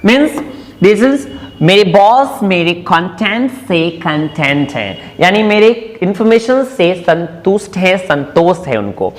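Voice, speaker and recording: A woman with an Indian accent teaching English vocabulary, explaining patiently and repeating words slowly for emphasis. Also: lowish voice, big pitch swings. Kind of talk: classroom lesson mixing English and Hindi. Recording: reverberant room sound.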